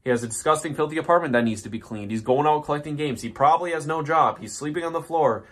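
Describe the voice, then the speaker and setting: A commentary YouTuber with a voice on the high side talks fast as he reads out a list. His ranting commentary is mocking and profane, full of rambling asides and restarts.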